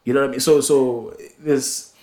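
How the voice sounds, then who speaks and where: A man's voice: mid-range voice, steady tone, normal speed, dark tone. A young man chatting casually as a podcast co-host, rambling with many fillers and restarts. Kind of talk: casual chat.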